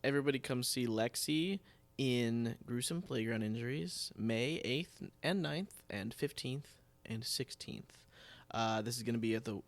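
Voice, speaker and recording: A man's voice: mid-range voice, creaky, no echo. A young man hosting a theatre podcast in casual, jokey chat, trailing off with fillers. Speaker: podcast host.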